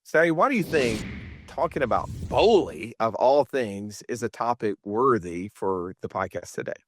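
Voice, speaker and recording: A man's voice: on the low side, animated, moderate pace, a little hiss or hum. A man with a Montgomery, Alabama accent, hosting a podcast about money and speaking emphatically and rhetorically. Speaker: podcast host. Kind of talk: podcast talk on finance.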